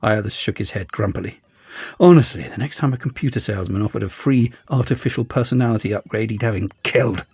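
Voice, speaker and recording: A man narrating an audiobook in a lively, expressive way. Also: fairly low pitch, quick pace, hardly any pauses, breathy edge, no room sound. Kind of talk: scripted narration.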